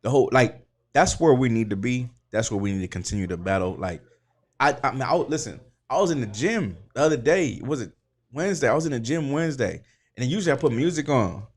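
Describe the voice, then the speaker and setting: A man hosting a casual talk show, telling stories in a slangy, animated way with lots of fillers. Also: medium pitch, fast talker. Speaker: podcast host. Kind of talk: casual chat.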